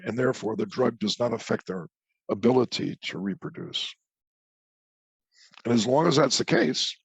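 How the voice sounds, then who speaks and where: A man's voice: mid-range voice, creaky, slightly rough, no room sound, low-quality recording. An older man, a guest scientist, giving an opinionated conversational lecture with emphatic repetition over a remote call.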